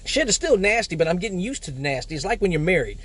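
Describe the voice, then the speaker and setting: A man's voice: high-pitched, big pitch swings, fast, a bit bright, breathy edge. A man from Michigan hosting a live stream, telling a story casually with lots of profanity and slang. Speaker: live show host.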